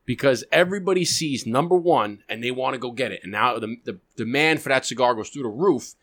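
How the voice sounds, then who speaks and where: New York co-host, mid-pitched, blunt and profane, easy chat. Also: male voice, a little fast, a bit bright. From Queens, New York. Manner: blunt, swears freely, enthusiastic. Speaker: podcast co-host. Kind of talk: casual chat.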